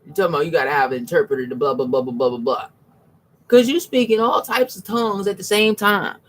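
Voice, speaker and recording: A man talking casually about religion, slangy and restless, repeating "you know what I'm saying" and restarting his sentences. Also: fast. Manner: animated, swings from low mutters to high exclamations. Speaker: religious commentator. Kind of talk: casual spoken monologue.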